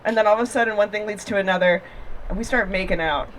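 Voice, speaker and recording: A woman's voice: medium pitch, fast talker, heavy background noise. A young woman performing a stand-up set, telling a bawdy story with lots of giggling and rambling asides. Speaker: stand-up comedian. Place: outdoor backyard comedy show. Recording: live crowd laughter. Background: live crowd laughing.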